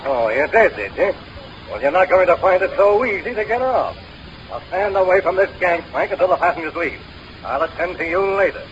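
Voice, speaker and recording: A man's voice: sits high, animated, fairly quick. Brief: male actor as a stern suspicious ship's mate; lo-fi vintage radio, faint hiss. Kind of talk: 1930s radio comedy acting. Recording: dull old radio recording.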